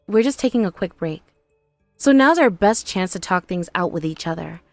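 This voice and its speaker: Lady doing a patient bride who keeps calm, earnest, dry sound with a little music behind. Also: fairly low pitch, moderate pace, dry recording. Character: patient young bride, adult woman. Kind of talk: animated story voice-over.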